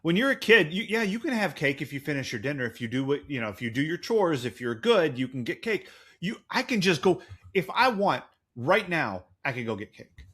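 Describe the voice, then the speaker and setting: A man's voice: fairly high pitch, very animated, brisk, a bit bright, breathy edge. A man in his forties co-hosting a podcast in casual chat, rambling and jokey. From United States. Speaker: podcast co-host.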